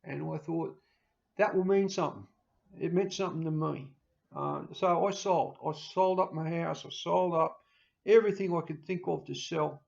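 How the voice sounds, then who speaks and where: Aussie bloke talking to camera, high gravelly voice, a bit emotional, muffled lo-fi sound. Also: male voice, moderate pace. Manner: rambling and emotional, mimics people in loud animated bursts, laughs often. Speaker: YouTuber signing off. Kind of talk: casual personal talk to camera. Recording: dull lo-fi home recording.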